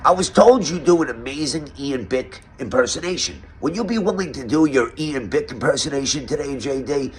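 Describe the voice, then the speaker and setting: A man's voice: mid-range voice, expressive, a little fast, few pauses, slight background noise. A man with a New York accent hosting a mock interview roast, asking questions in a sarcastic, mock-serious way. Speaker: roast host.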